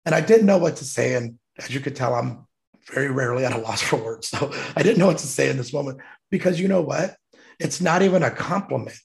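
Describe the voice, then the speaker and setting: Gravelly male veteran guest sharing a moving story with emphasis; deep rasp throughout. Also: brisk. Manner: heartfelt, emphatic, choked up at times. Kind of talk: emotional storytelling.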